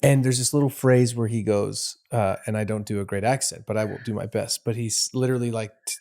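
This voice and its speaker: A man co-hosting a casual faith podcast, quick to affirm his partner and telling stories in a playful way. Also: fairly low pitch, fairly even intonation, vocal fry, warm tone. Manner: quick to affirm and laugh along, playful storyteller. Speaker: co-host.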